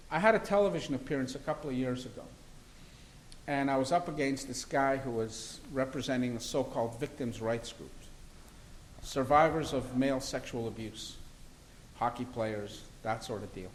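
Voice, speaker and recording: A man's voice: medium pitch, lively intonation, moderate pace, a little hiss or hum, rough recording. A man, a criminal defence lawyer, talking in an interview in an assertive, argumentative and emphatic way. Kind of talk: interview conversation.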